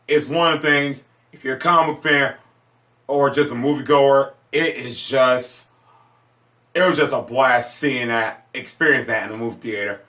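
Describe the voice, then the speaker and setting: A man reviewing movies in a casual monologue, gushing with excitement, repeating himself and breaking into sudden high-pitched exclamations.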